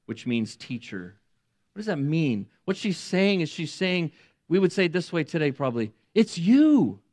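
A man's voice: mid-range voice, dry recording, clean studio sound. A middle-aged male pastor giving a sermon, retelling scripture and acting out the people in it, with swells of intensity. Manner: dramatic retelling with voiced quotes, rising to emotional peaks.

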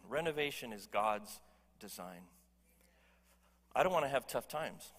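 A man's voice: mid-range voice, normal speed, long pauses, a bit bright, long reverb tail. A man preaching a sermon as pastor, emphatic and conversational, joking with his congregation. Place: church hall.

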